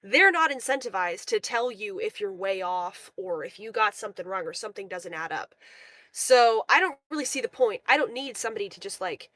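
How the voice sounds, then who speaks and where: A woman telling a story on a livestream in a casual, animated way, full of "like" fillers. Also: mid-range voice, brisk, no echo. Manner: animated, filler-heavy retelling. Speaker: guest on a livestream.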